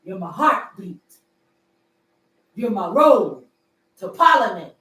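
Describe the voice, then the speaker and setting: Animated woman, echoey and off-mic. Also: takes it slowly. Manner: animated, swinging between loud outbursts and low murmurs; flirtatious, teasing. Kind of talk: casual livestream chat. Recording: echoey room, far from the mic.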